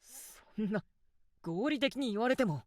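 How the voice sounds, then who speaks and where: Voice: medium pitch, animated, fairly quick, dry recording, studio quality, natural voice. A voice actor playing a troubled young man in a game, speaking in a shaky, hesitant, defensive way. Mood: upset.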